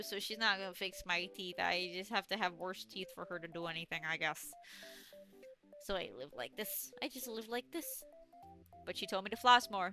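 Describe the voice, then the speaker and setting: A woman's voice: mid-range voice, pushed and bright. A young woman livestreaming as she plays a game, rambling through stories and chat with plenty of swearing, her throat dry and a little sore. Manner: rambling, chatty storytelling with frequent swearing. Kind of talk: casual chat while gaming.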